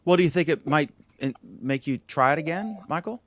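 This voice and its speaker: Fast-talking host on a dry video call. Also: male voice, a little high, lively intonation, a bit bright, no echo. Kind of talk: casual panel chat.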